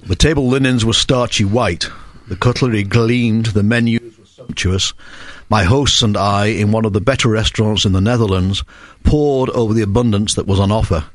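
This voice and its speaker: A man with an English accent reading aloud from his own book in a dry, wry, measured way. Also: on the low side, no echo. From England. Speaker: guest author.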